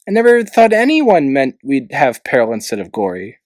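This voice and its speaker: A man reading aloud, voicing a small, soft-hearted female dragon who talks earnestly. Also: medium pitch, wildly swooping pitch, moderate pace, no room sound, voice pushed up.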